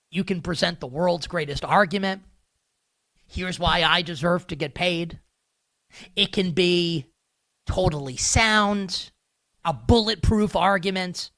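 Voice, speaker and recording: Young male sports-betting host, rambling sarcastic commentary, bright tone, dry booth sound. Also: high-pitched, no room sound. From northern United States. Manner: rambling, filler-heavy, sarcastic.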